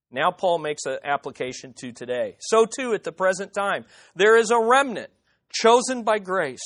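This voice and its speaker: A man's voice: sits high, expressive, moderate pace, fairly bright tone. A man preaching a conversational sermon, reading scripture and speaking directly to members of his congregation. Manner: emphatic, conversational, talks to the congregation by name. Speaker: pastor.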